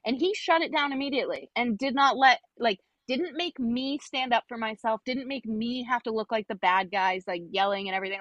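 Animated young woman telling a story. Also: a little high, no room sound, highs cut off. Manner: animated, acts out quoted dialogue, many fillers. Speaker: podcast guest, engineer. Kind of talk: casual storytelling chat.

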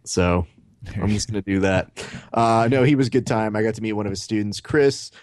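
A man co-hosting a podcast, telling animated stories and swearing casually. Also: lowish voice, normal speed, dry recording, clean studio sound. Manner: animated storyteller, acts out quotes, swears. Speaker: podcast co-host.

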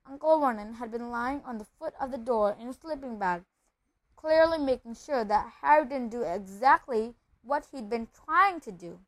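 A woman with a fairly high voice reads a children's novel aloud at a steady pace. She sometimes stumbles and restarts a phrase. The recording is dry and close, with no room sound. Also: moderate pace, dry recording, poor audio. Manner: steady reading with occasional slips and restarts. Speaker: reader.

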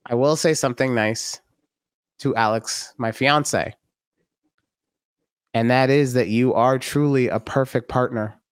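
A woman's voice: rumbling low, smooth, no echo, studio quality. A young adult woman hosting a podcast, frank and teasing, swearing freely as she talks. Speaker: podcast host. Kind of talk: casual podcast chat.

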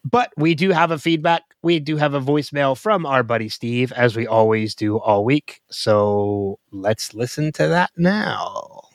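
A man co-hosting a casual podcast, relaxed and laughing easily with plenty of fillers. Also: medium pitch, measured pace, hardly any pauses, no echo. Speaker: podcast co-host.

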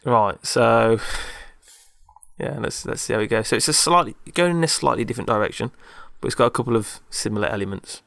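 A man's voice: mid-range voice, fairly quick, vocal fry, a bit bright, no echo. Rambling man telling a story. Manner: rambling, full of fillers and laughs. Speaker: podcast co-host. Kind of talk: casual chat and storytelling.

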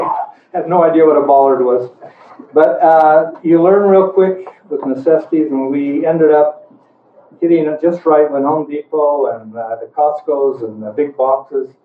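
A man's voice: medium pitch, slight background noise. Older man, folksy storyteller, distant tinny mic in an echoey hall. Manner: folksy, rambling, with chuckles. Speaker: speaker giving a talk. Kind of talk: storytelling to an audience.

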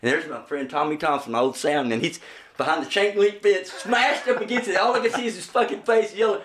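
With a crowd audible behind him, a fast-talking man from Oklahoma tells casual stories in a high, lively voice. He's a guest musician who curses a lot and keeps laughing at his own anecdotes. Faint noise and a roomy echo fill the recording.

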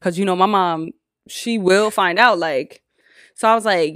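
A woman co-hosting a podcast, telling a story in a casual, animated and profane way, with acted-out quotes. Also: mid-range voice, a little slow, no echo, clean studio sound. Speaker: podcast co-host.

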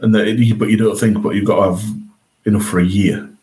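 A podcast co-host talks eagerly through a TV episode in a casual review, often restarting his sentences. His voice is on the low side, fast, fairly even in intonation, and a little mellow, though the recording quality is low.

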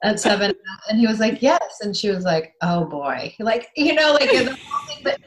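A woman in her thirties in casual conversation, telling family stories candidly and with lively energy. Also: on the high side, brisk, noisy background. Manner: candid, animated storytelling with laughs. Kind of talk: casual chat.

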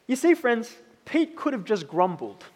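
A man in his thirties preaching a sermon in a relaxed, conversational way, often checking in with "right?". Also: very high voice, unhurried, husky, long reverb tail. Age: 30s. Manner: conversational, tag questions like "right?".

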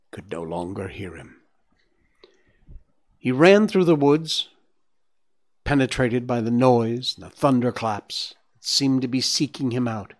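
A man narrating a storybook in a measured, dramatic reading. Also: medium pitch. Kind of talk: audiobook reading.

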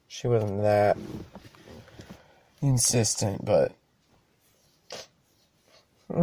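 A man's voice: mid-range voice, lively intonation, slow pace, long pauses, warm tone, no room sound. A young man hosting a show alone, rambling casually, swearing often and laughing at himself. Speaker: podcast host. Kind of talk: casual monologue.

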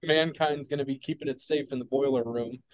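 A man's voice: mid-range voice, steady tone, a little fast, no room sound, rough recording. A man co-hosting a casual wrestling podcast, laid-back and joking, often laughing. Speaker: podcast co-host.

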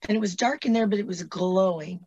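A woman's voice: medium pitch, a little fast, a little mellow, slightly rough, no room sound. A woman telling a personal story in a rambling, breathless way, with many restarts. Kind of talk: casual storytelling, played as an interview clip. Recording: dull lo-fi audio.

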